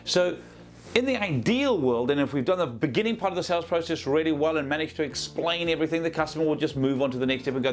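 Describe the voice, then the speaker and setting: A man's voice: a little high, fast talker. A man, a business trainer giving a conversational coaching talk to the camera and acting out small scenes as examples. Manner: lively, conversational, acts out examples.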